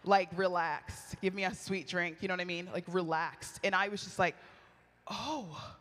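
Animated woman preaching in a reverberant hall. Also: on the low side, normal speed. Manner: animated, chatty, laughs often, acts out quoted lines. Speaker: women's retreat speaker. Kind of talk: storytelling sermon.

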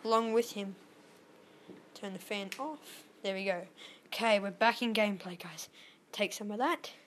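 A woman giving excitable live gameplay commentary as a YouTuber, squealing at wins and dropping to whispers when tense. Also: medium pitch, normal speed, a little hiss or hum. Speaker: gaming YouTuber.

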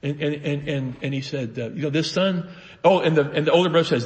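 Pastor preaching in a reverberant hall. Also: male voice, a little high, fast. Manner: animated storytelling, acting out voices of the father and sons. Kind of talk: sermon. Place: church sanctuary.

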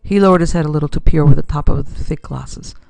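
A woman's voice: deep voice, quick pace, creaky, mellow, no room sound. A woman narrating a classic pulp detective story as podcast host and producer. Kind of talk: scripted narration of pulp fiction.

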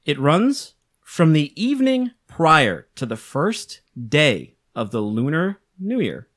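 A man's voice: fairly high pitch, huge pitch swings, takes it slowly, fairly bright tone. A man co-hosting a podcast in casual chat, explaining facts in a chatty, teasing way. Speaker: podcast co-host.

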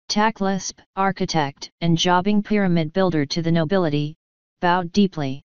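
A woman reading an audiobook in a measured, dry narration. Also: fairly low pitch, fairly even intonation, darkish tone, clean tone, no room sound, dull audio. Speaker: audiobook reader.

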